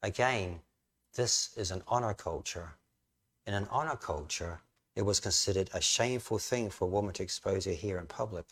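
A man's voice: low voice, normal speed, husky. A man preaching a sermon, telling the story vividly and rising to emphatic questions. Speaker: pastor.

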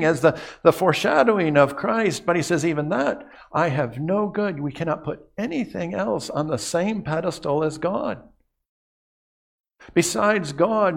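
Preaching as a pastor, a man delivers an earnest sermon in a high-sitting, gravelly voice. He often drops to a hush on key phrases and repeats words as he moves along.

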